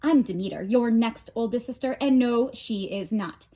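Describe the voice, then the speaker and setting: A gloomy sister goddess, as a woman voices her, contrary and quick to wail. Her voice sits high with a husky edge. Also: warm tone, lightly acted. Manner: wailing, pessimistic.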